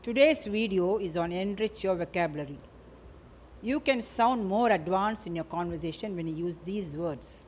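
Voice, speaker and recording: A woman teaches vocabulary at an unhurried pace, saying each word and its example twice. She often closes a point with a tag question. Faint noise sits under her voice. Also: mid-range voice, lively intonation, a little mellow. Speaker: English teacher. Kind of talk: vocabulary lesson.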